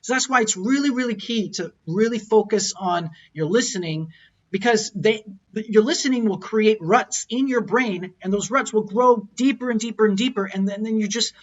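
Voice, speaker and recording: A man's voice: sits high, moderate pace, lo-fi sound. A man teaching a recorded lecture, explaining and repeating words as he models tones aloud. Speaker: language teacher.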